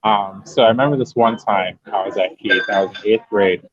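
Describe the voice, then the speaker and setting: A young man from Massachusetts, a podcast guest, telling stories in a lively, joking, emphatic way and swearing freely. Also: on the low side, fairly quick, crowd noise. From New Bedford, Massachusetts. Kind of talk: casual storytelling chat. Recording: dull lo-fi podcast audio.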